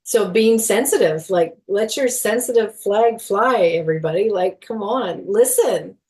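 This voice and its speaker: A middle-aged woman speaking as a guest in a podcast interview, earnest and animated, with frequent small laughs and fillers. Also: medium pitch, unhurried. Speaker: guest, movement educator.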